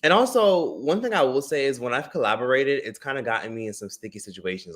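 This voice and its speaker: Man, streamer, mid pitch, casual storytime, animated, swears a lot, lots of "like" fillers. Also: fast, few pauses. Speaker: streamer and drama commentator.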